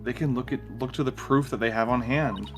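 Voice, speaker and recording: A man's voice: medium pitch, a little fast. A man streaming a game with a friend, reading its dialogue aloud and chatting casually, often laughing and swearing. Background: game music.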